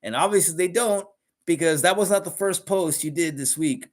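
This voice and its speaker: A man's voice: on the high side, normal speed. A middle-aged man hosting a podcast, ranting bluntly and profanely in a casual monologue. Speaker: podcast host. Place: live podcast recording.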